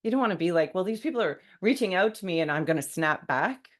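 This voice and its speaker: A woman's voice: fairly low pitch, animated, fast talker. A woman hosting a solo podcast, talking in a wry, conversational way and mock-quoting what people say. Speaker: podcast host.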